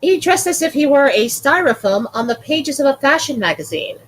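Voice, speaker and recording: Woman host, high voice, giggly, casual podcast chat. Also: lively intonation, brisk, rough recording. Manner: giggly, reads with frequent laughs. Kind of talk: casual chat, reading aloud.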